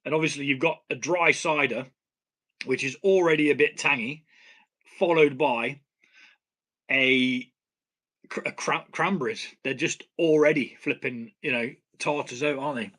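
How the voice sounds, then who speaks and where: Blunt, bright-voiced British man. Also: mid-range voice, normal speed. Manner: blunt, swears casually, laughs at himself. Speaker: home brewing channel host. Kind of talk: casual live stream chat.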